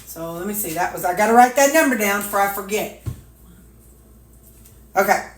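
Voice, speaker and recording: A woman's voice: mid-range voice, expressive, normal speed. Folksy older woman with a drawl. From Missouri, USA. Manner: folksy, chatty, talks to herself, drawling asides. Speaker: weight-loss vlogger. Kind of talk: casual chat while packing meals. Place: home kitchen. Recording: echoey kitchen with clattering dishes.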